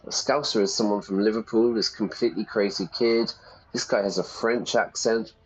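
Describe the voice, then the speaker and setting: Husky teacher. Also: male voice, fairly low pitch, steady tone, normal speed. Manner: chatty, explains words as he plays. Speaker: English teacher. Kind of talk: let's-play lesson, casual commentary. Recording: dull lo-fi sound.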